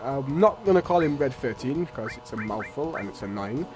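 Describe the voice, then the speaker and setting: Chatty lad narrating gameplay. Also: male voice, mid-range voice, lively intonation, moderate pace, music in the background. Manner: chatty, rambling, blunt. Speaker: let's play host. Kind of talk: casual gameplay commentary.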